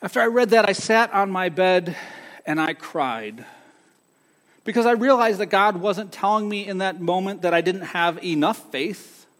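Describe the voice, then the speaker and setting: A man giving an earnest sermon testimony, telling a personal story that swings between soft and emphatic moments. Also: high voice, animated, moderate pace. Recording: long hall reverb.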